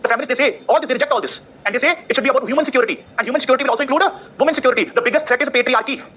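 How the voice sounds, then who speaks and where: Man, classroom lecture, bright forceful voice, faint background noise. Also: very high voice, racing. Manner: quizzing students with rhetorical questions.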